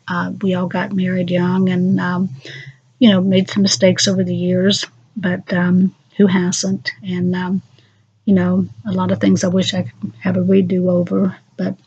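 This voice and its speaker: An older woman recounting family memories into a home recorder, speaking haltingly with frequent pauses and fillers. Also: on the low side, darkish tone, husky. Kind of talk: unscripted personal memoir. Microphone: handheld voice recorder. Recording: dull lo-fi home recorder audio.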